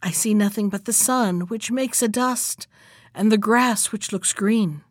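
A woman voicing a young sister in a storybook, calmly reporting what she sees from a tower. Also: medium pitch, measured pace, no echo, clean studio sound, natural voice.

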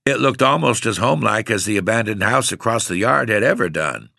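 A man narrating an audiobook story with expressive delivery. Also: lowish voice, a little fast, creaky, no room sound, clean studio sound.

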